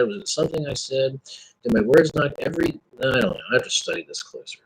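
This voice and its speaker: Husky man musing in a rambling monologue. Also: mid-range voice. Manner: meandering, halting, with bits of sung lyric and laughter. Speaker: vlogger.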